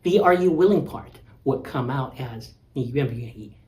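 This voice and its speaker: Male teacher, mid-pitched, patient and methodical, leans on key words, roomy recording. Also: lively intonation, moderate pace, warm tone. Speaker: language teacher. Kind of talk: explanatory lecture. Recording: echoey room.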